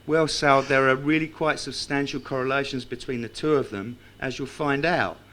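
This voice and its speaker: A man's voice: mid-range voice, steady tone, moderate pace, fairly bright tone. Wry man telling stories to a club crowd. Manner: wry, self-mocking storyteller. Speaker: speaker at a tribute evening. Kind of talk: anecdotes and recited tribute poem. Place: club function room with live audience.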